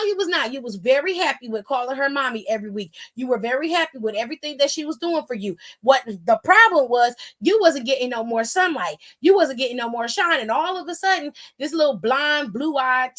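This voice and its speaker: A woman's voice: sits high, a bit bright. A young woman hosting a casual live-streamed wrestling recap, talking bluntly and with plenty of cursing. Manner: blunt, profane, dismissive. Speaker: wrestling aftershow host.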